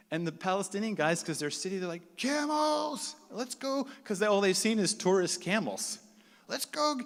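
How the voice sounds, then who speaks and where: A man telling a personal story to a live audience, acting out the voices of the people in it. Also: sits high. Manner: animated, acts out the people he quotes. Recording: long hall reverb.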